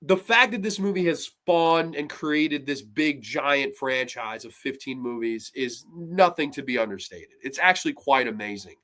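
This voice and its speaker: Profane, animated male film reviewer. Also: medium pitch, moderate pace, few pauses. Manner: profane, animated, mocks scenes in put-on voices. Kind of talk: casual solo film review.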